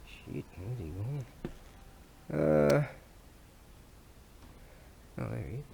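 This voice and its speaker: A man talking in a casual, rambling vlog monologue. He swears a lot, laughs often and sometimes drops to a low mutter while he works. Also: gravelly, a little mellow, slight background noise. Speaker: vlogger.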